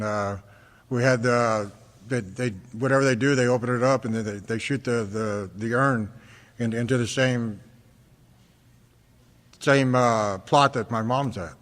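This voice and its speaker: American guy telling his story at a meeting, keeps restarting, big hall echo, middle pitched voice. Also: fairly bright tone. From Fresno, California. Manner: earnest, halting, with frequent restarts and repeated words. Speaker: recovery meeting speaker. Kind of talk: personal testimony talk. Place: large hall at a convention. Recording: reverberant hall recording.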